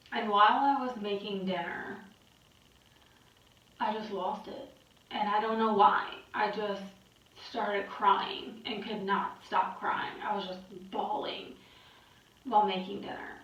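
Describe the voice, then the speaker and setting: A woman's voice: mid-range voice, a bit bright. A young adult woman talking candidly in a personal vlog, weary and exhausted, rambling and swearing. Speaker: vlogger. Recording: very echoey, distant, muffled.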